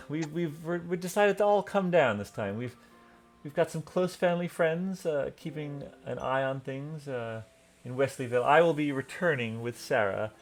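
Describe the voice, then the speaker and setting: A man playing a booming, jolly knight. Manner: hearty, loud, exclaiming. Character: boisterous jolly noble knight, middle-aged father.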